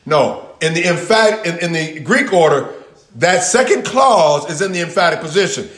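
A man leads a Bible study in a sermon style, stressing words one at a time and pausing between them. His voice is fairly high and swings widely in pitch. The room around him is echoey. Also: animated, a bit bright. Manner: emphatic, repeats key words slowly with long pauses; talks with the audience, answers their replies. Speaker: pastor teaching a Bible study.

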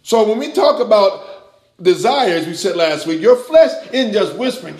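A man preaching to a Bible class, swinging between loud, emphatic passages and quiet, low asides. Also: sing-song, normal speed, reverberant. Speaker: pastor teaching a Bible class. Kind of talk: sermon.

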